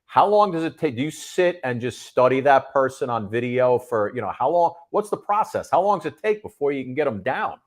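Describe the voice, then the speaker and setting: A man's voice: medium pitch, expressive, brisk, hardly any pauses. Playful man co-hosting a talk show. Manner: jokey, playful banter. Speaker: co-host. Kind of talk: casual talk show chat.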